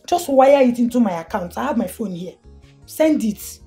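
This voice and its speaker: An actress with a Nigerian accent playing a sharp, money-minded young woman who talks bluntly. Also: a little high, lively intonation, normal speed. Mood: demanding. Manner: blunt, businesslike. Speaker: film actress. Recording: faint film music underneath.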